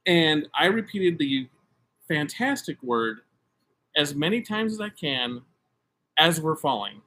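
A man's voice: a little high, big pitch swings, slow pace, sharp tone. A middle-aged American man and podcast co-host, telling a story in casual chat with emphatic, self-mocking energy.

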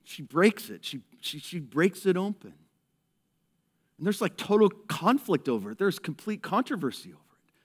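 A male pastor preaching a lively sermon to his church, acting out people in a raised voice and dropping to a hushed tone in prayer. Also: high-pitched, normal speed, slightly rough. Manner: animated, acts out characters in raised voice, drops to hushed prayer. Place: church service.

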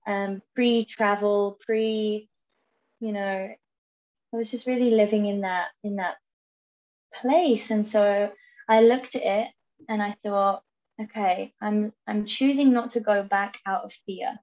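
English woman talking in halting bursts. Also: medium pitch, fairly even intonation, a little mellow, dull audio. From England. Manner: halting, repeats words, acts out quoted lines. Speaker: guest. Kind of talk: reflective conversational interview.

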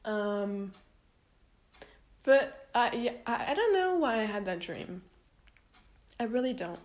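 A woman's voice: on the high side, big pitch swings, slow pace. Rambling young woman telling a story. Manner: rambling, heavy use of "like", frequent swearing. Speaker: vlogger. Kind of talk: casual storytelling.

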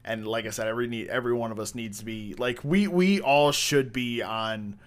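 A man's voice: mid-range voice, normal speed. A man telling rambling, profane work stories in a casual chat, full of restarts and crude jokes. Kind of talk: casual storytelling.

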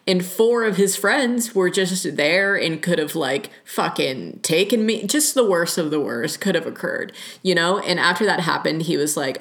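A woman's voice: lowish voice, measured pace, hardly any pauses, fairly bright tone. A young woman hosting a casual solo podcast, talking candidly, laughing often and swearing freely. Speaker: podcast host. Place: lives in rural Oregon.

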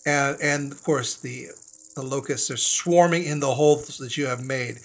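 A man running a tabletop horror game as game master, describing scenes in a halting way with frequent restarts. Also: medium pitch, steady tone, a bit bright. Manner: hesitant, with many fillers and restarts.

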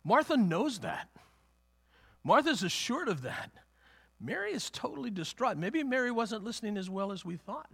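A man with a high-pitched, sing-song voice preaches at normal speed, with vocal fry, a breathy edge, and a slightly bright tone. His sermon is conversational, with frequent repeats and restarts, and he acts out the quotes of people in his story.

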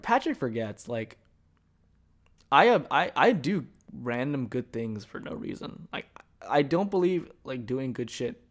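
A young man talks alone into his podcast mic, meandering from story to story. He swears freely and jokes at his own expense, with a voice of ordinary pitch for a man. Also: fairly bright tone. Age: young adult. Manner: rambling, profane, joking storytelling. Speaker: podcast host. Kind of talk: casual solo podcast monologue.

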